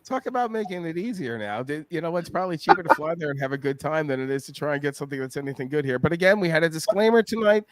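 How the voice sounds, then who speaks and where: A man's voice: a little high, expressive, racing, hardly any pauses. Profane, rowdy middle-aged man telling stories. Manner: profane, boisterous storyteller. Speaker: podcast host. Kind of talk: casual chat.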